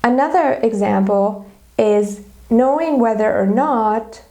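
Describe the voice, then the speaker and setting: Slow, gravelly-voiced woman teaching grammar. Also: on the high side, dark tone. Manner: methodical, explains step by step with examples. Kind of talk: grammar lesson video.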